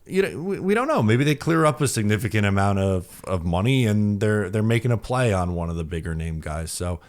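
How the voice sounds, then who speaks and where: Fairly quick and animated, with a fairly low pitch, this man co-hosts a laid-back hockey podcast. He talks in an upbeat, meandering way with lots of filler words.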